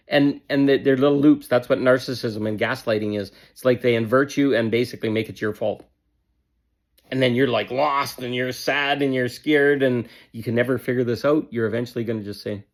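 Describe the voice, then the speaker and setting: A man's voice: medium pitch, moderate pace, darkish tone. A man giving a motivational self-help talk in an emphatic, repetitive and blunt way, with casual swearing.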